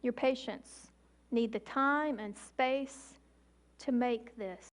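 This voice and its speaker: A woman in her forties, an emergency physician, giving an emphatic public talk with slow, deliberate pauses. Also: fairly high pitch.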